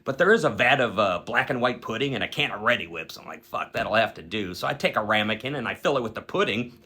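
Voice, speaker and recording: A man's voice: lowish voice, fast talker, husky. A man retelling an absurd dream in a loose, casual way, swearing often and laughing at his own story. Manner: profane, animated, laughs while telling.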